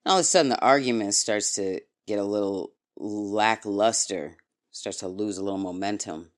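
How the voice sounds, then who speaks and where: A man hosting a podcast, casually telling a story in a relaxed, drifting voice with profane asides. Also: fairly low pitch, normal speed.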